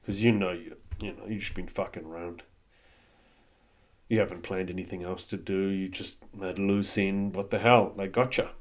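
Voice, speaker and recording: Guy, lowish voice, swearing a lot, blunt pep-talk vibe. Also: fairly even intonation, normal speed. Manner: blunt, swears freely, coaching tone. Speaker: host. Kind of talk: motivational monologue.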